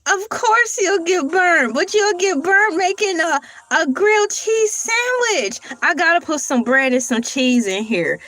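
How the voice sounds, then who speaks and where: A woman's voice: extremely high pitch, expressive, a little slow, few pauses, a bit bright, dry recording, poor audio. A woman hosting a casual morning livestream, chatting to viewers, laughing often and reading search results aloud. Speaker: livestream host.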